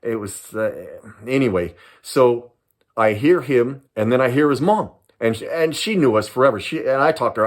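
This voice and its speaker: An older man from Southern California tells a story straight to camera in a loose, casual way. His pitch swings widely and his delivery is animated. He circles back over his own words and keeps tossing in "man". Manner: animated, repeats himself, drops in "man". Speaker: retired police sergeant telling stories.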